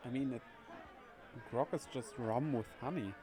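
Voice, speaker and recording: A man's voice: mid-range voice, moderate pace, crowd noise. A man casually commenting on his game playthrough, chatty and thinking aloud, often amused. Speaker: streamer.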